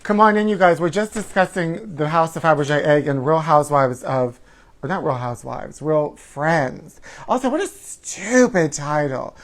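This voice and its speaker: A man's voice: on the high side, moderate pace. A middle-aged man hosting a campy live talk show, sassy and theatrical, calling his viewers honey and darling and chanting catchphrases in a sing-song way. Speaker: host. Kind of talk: campy casual live-stream chat.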